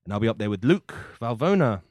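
A man's voice: lowish voice, big pitch swings, quick pace, darkish tone, no room sound. A man hosting a comedy podcast in a studio, teasing his co-host and joking. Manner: joking, teasing, mock-outraged. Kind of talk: casual comedic chat.

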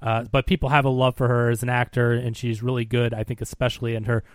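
A man's voice: mid-range voice, flat delivery, fast talker, dry recording. A man co-hosting a movie review podcast, talking emphatically, laughing often and restarting words. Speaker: podcast co-host. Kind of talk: casual movie review chat.

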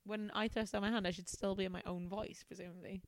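A woman's voice: mid-range voice, steady tone, fast talker. Giggly, self-mocking woman. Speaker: comedian and scientist guest. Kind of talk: comedic reading aloud with asides.

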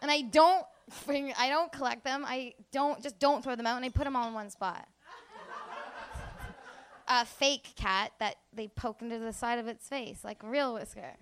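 A woman's voice: on the high side, normal speed. A woman doing a live stand-up set, rambling, giggly and self-mocking. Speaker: stand-up comedian. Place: live comedy show stage.

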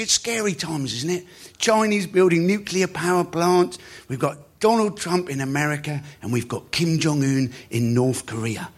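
A man's voice: high-pitched, a bit bright. A man hosting a comedy show, doing a chatty stand-up monologue on stage that keeps asking "isn't it?". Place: stage before a live audience.

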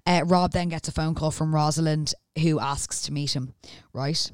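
Low-pitched woman co-host, chatty plot recapper, smooth tone, dry close sound. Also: steady tone, moderate pace, no echo. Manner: chatty, recaps plot at length with acted-out quotes. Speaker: podcast co-host recapping a TV episode. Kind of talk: casual chat.

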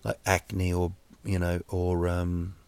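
A man hosting a podcast, delivering a rambling, wry comic monologue full of halting restarts. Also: sits low, completely flat delivery, gravelly, darkish tone, smooth. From New Zealand. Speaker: podcast host.

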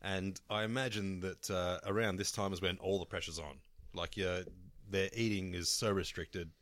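A man's voice: sits low, steady tone, moderate pace, a bit bright, dry recording. An Australian man co-hosting a casual sports podcast, swearing freely and telling stories with laughs. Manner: swearing, laughing storyteller doing bloke impressions. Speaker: podcast co-host.

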